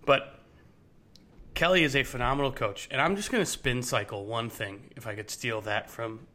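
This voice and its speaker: A man's voice: mid-range voice, normal speed, sharp tone. A young man co-hosting a sports podcast, chatting casually and rambling with many restarts. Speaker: podcast co-host.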